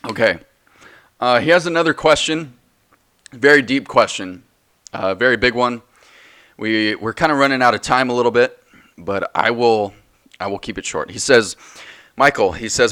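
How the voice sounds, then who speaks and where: A man's voice: medium pitch, normal speed, long pauses, sharp tone. A man in his twenties hosting a solo faith podcast, talking passionately and preachily, with many restarts. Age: 20s. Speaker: podcast host.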